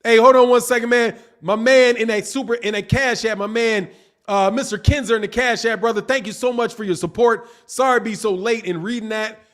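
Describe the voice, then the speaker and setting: A man hosting a casual boxing live stream, reading viewers' chat messages aloud in a slangy, animated way and laughing often. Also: very high-pitched, brisk.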